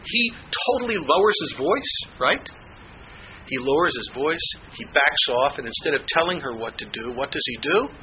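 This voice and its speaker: A man's voice: a little high, normal speed, dull audio, slight background noise. A man teaching a class, talking through a film scene and asking the students questions. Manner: animated, asks the class questions.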